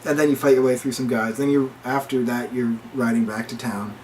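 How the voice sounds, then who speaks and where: Mid-range and a little mellow, this man's voice keeps a steady tone as he talks a little fast, co-hosting a laid-back podcast chat. He recounts a story full of quoted dialogue and restarts, and there's slight background noise.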